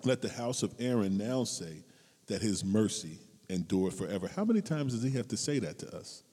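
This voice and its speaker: A man delivers a relaxed, humorous sermon in a mellow, dark-toned voice. He bursts into high, loud exclamations for his stories and falls back to soft, low asides. A long reverb from the hall trails his words. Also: brisk, slightly rough. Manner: animated, swings between loud high outbursts and low asides, laughs often. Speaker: preacher.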